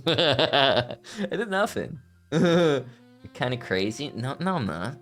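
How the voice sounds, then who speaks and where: A man chatting live as a VTuber host in a playful, giggly way, swinging his pitch up and down in lively swoops. Faint music plays softly behind him as he talks to his chat. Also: very slow. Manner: playful, giggly, theatrical outbursts. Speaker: VTuber streamer. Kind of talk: casual livestream chat.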